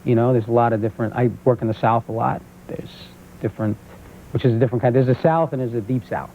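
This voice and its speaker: A man in his thirties with a New York accent, a comedian guest on a talk show telling stories and jumping into loud character voices. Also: medium pitch, fairly even intonation, fast. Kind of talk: talk show stand-up storytelling. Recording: tinny phone-like old VHS audio with faint hiss.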